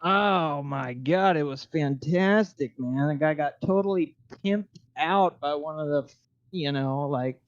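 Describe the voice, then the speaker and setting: A man's voice: on the high side, measured pace, no room sound. A man calling into a live stream, chatting in a wry, mock-earnest, drawling way. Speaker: call-in guest. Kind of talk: casual chat with wry banter. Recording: dull dry call audio.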